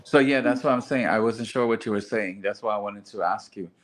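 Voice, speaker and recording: A man's voice: fairly low pitch, fairly quick. A man in casual group chat, earnestly explaining his views and restarting phrases as he thinks.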